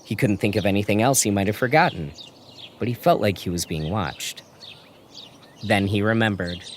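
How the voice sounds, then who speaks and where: A man narrating a story in an expressive, lively reading. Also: fairly low pitch, normal speed, a little hiss or hum.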